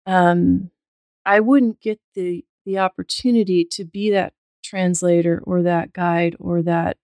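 Calm explanatory woman, lowish voice. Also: no echo. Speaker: guest medical intuitive. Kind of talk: casual podcast conversation.

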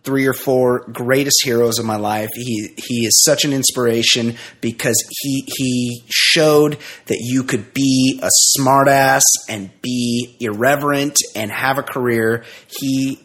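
A middle-aged man co-hosting a podcast in casual chat, joking and sarcastic with quick asides. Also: mid-range voice, fairly even intonation, a bit bright. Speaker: podcast co-host.

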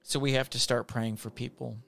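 A man's voice: medium pitch, flat delivery, brisk, vocal fry, a bit bright. A man hosting a devotional podcast, preaching in repetitive, building exhortations. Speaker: podcast host.

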